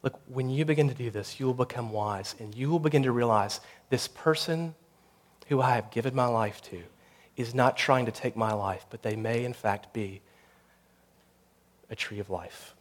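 At a normal pace and in a mid-range voice, the pastor, a man, preaches a sermon. His delivery rises into intense storytelling before settling into a hushed closing prayer.

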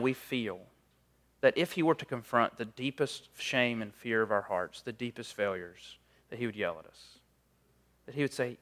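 A man's voice: medium pitch, pushed and bright. A man preaching a sermon in a conversational, storytelling way, with frequent casual fillers.

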